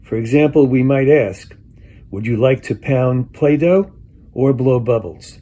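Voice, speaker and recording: A man presenting a training talk on handling difficult behavior in young children, speaking in a lively way. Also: mid-range voice, measured pace. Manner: lively, acts out children's voices in quotes. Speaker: parenting and teaching workshop speaker.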